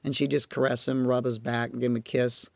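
A man's voice: medium pitch, level tone, brisk, vocal fry, no room sound, clean studio sound. A man speaking as a parenting coach in an audio course, telling stories and acting out a parent and a child as he talks. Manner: storytelling, acts out parent and child voices.

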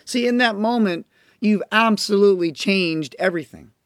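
A man's voice: sits high, no echo, studio quality. A man speaking about parenting, telling stories earnestly and with emphasis, and acting out the parents and children in them. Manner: acts out quoted parents and children in his stories; earnest, emphatic, slows down on key points. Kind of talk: storytelling talk to a listener.

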